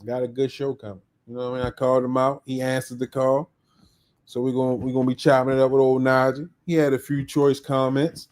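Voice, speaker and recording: A man's voice: medium pitch, level tone, a little fast, darkish tone. A man hosting a live podcast in casual chat, upbeat and slangy as he greets viewers by name. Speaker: podcast host.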